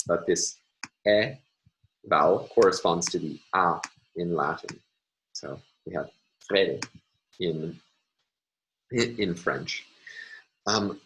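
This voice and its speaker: A man lecturing on phonology, speaking in a measured, halting way with many fillers. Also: deep voice, low-quality recording.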